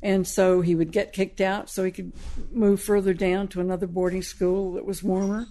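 A woman's voice: mid-range voice, flat delivery, normal speed, dark tone. Woman animatedly retelling her novel's plot. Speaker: novelist discussing her book. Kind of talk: conversational book discussion.

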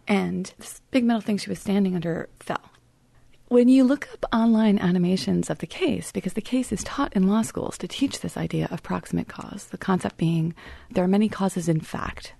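An author and writing teacher is an interview guest, explaining a legal story in a thoughtful, measured storytelling manner. Her voice has vocal fry and there is no room sound. At the grim points she drops to a soft near-whisper.

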